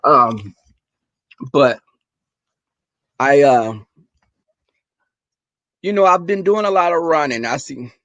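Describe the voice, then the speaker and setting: A young adult man chatting casually and profanely to viewers in a livestream, telling animated stories. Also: on the high side, slow, pauses often, no echo. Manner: profane, animated storytelling, talks to viewers as y'all. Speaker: livestream host.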